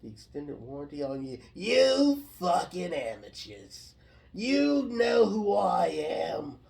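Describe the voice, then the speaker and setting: A gravelly, chain-smoking older Jersey woman, put on by a man spits threats and calls everyone honey. Her raspy voice sounds worn down by cigarettes, and she is brash and bossy on the line. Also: fairly high pitch, sing-song, slow pace, a little mellow, far from the mic, pitched above the performer's own voice, heavily acted, poor audio. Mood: furious. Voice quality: raspy, gravelly smoker's rasp.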